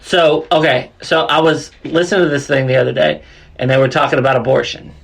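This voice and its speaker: A man's voice: fairly high pitch, flat delivery, fairly quick, creaky. A young man co-hosting a crude, casual podcast, rambling with lots of fillers and laughing at his own jokes. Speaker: podcast co-host.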